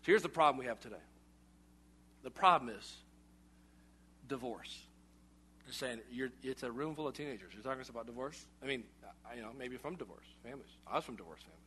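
A man in his thirties, a pastor preaching a lively, joking sermon in a conversational way. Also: mid-range voice, a little fast, long pauses, a little hiss or hum. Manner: animated, conversational preaching with jokes.

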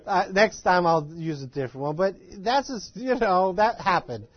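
A man giving an informal, animated and self-deprecating lecture to a live class of ministry students, in a folksy manner. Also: high voice, moderate pace, dull audio. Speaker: ministry trainer.

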